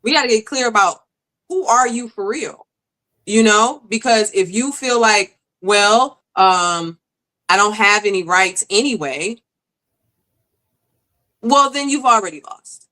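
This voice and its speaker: Bright-voiced woman telling her story. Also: mid-range voice, unhurried, poor audio. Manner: earnest, emphatic, conversational. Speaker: guest. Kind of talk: candid personal storytelling.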